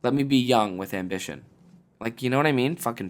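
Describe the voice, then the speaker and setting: A young man hosts a podcast and gives casual advice. He is blunt and profane, joking constantly and breaking into loud, animated bursts. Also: medium pitch, normal speed. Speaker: podcast host. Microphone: podcast mic.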